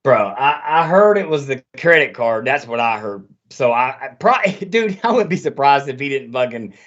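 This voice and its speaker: A man's voice: medium pitch, big pitch swings, normal speed, fairly bright tone. A man hosting a podcast in casual conversation, talking emphatically with a lot of profanity. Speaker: podcast host. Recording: dull lo-fi audio.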